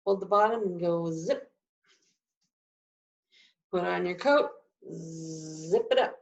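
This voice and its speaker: This woman's voice sits on the low side, slow and animated with vocal fry, as she instructs a live sign language class. Explaining each sign, she acts out emotions through her voice in a demonstrative way. The sound is dull and lo-fi from a distant microphone.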